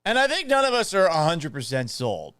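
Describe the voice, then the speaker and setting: A man hosting a sports talk podcast, animated and sarcastic, with a punchy, opinionated delivery. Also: a little high, a little fast, smooth, no room sound, clean studio sound. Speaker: sports radio and podcast host.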